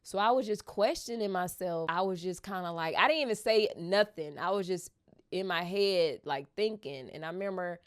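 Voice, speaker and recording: Animated woman vlogger telling a story. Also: lowish voice, normal speed, clear, resonant tone. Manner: addresses viewers as "y'all", animated, rising to excited squeals. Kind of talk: casual storytelling to camera.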